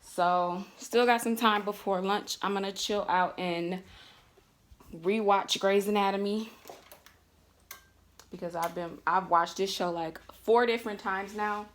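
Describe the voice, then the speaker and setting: A woman in her twenties chatting casually to her viewers in a vlog, relaxed and candid, with lots of "like" and "um" fillers. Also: mid-range voice, a little slow. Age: 20s. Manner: warm and candid, talking straight to viewers. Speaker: vlogger.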